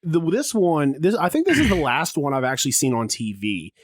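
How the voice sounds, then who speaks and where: A man's voice: on the high side, huge pitch swings, brisk, dry recording, clean studio sound. A man co-hosting a casual sports podcast, chiming in with short agreements and easygoing remarks. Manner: short agreeing interjections and laid-back remarks. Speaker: podcast co-host. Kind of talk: casual chat.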